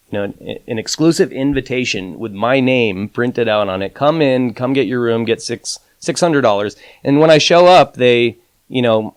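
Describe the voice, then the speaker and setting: A man's voice: mid-range voice, dry recording. A man guest on a podcast, telling a story in casual talk, full of "you know" and fillers, acting out the quotes he retells. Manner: acts out quotes with raised voice. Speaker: podcast guest, advantage gambler.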